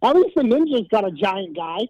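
A man's voice: high-pitched, big pitch swings, a little fast, a little mellow, no room sound. A man co-hosting a casual wrestling podcast who talks in a laid-back, candid way with some swearing. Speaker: podcast co-host. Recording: dull, dry lo-fi mic.

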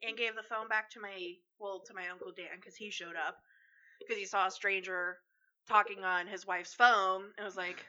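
A woman co-hosting a podcast, telling a family story in casual chat, animated and swearing freely as she acts out quotes. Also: medium pitch, normal speed, lo-fi sound. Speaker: podcast co-host.

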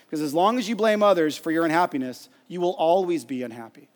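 A man gives a sermon in a conversational way, acting out quotes and stories as he goes. His voice sits high for a man. The sound carries a long reverb, as in a church hall. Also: quick pace. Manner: animated, conversational preaching with acted-out quotes. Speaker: pastor.

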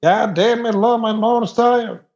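A man with a Spanish accent doing a boisterous Texan cowboy impression, pitched high and drawling. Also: fairly even intonation, slow pace, gravelly, darkish tone, exaggerated voice. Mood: boastful. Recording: roomy, dull lo-fi recording.

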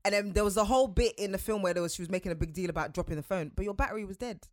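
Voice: medium pitch, very fast, dry recording, clean studio sound. A podcast co-host, teasing and laughing through casual banter. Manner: laughs often, teasing, lively.

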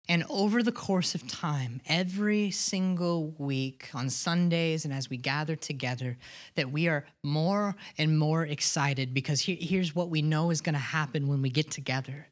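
A woman's voice: sits low, measured pace. A woman pastor preaching a sermon in an earnest way, often restarting and repeating words and asking the congregation questions.

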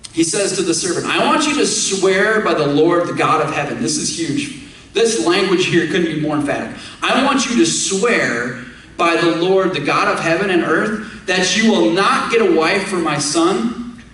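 A man's voice: fairly high pitch, a bit bright, recorded from a distance. A man preaching a sermon, emphatic, putting direct questions to his congregation. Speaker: pastor. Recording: echoey room, speaker away from the mic.

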